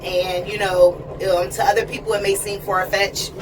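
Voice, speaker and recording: The recording comes from a distant mic with train noise around it, as a female vlogger talks through a casual, personal video while riding. She's chatty and sincere, often asking "you know what I mean," speaking at normal speed with medium pitch and little pitch movement.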